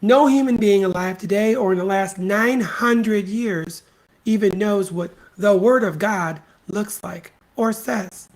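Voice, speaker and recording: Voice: mid-range voice, a little slow, a little mellow. A solo podcast host delivering an opinion rant in a mid-range voice. The delivery is blunt and scornful, full of profanity, and leans on repetition to drive each point home. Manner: emphatic repetition.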